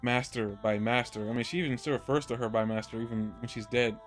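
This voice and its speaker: A man of middle pitch talks through an anime episode in a loose, rambling way, circling back and restarting his points. Soft music sits faintly behind his voice. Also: steady tone, fast. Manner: rambling, many restarts, laughs easily. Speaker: podcast co-host. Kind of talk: casual anime review chat.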